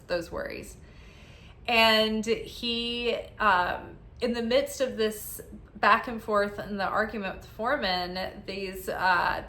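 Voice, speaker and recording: A woman's voice: mid-range voice, pushed and bright. Tired woman rambling through a tarot reading. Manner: rambling, filler-heavy with frequent "like". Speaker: tarot reader. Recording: roomy echo.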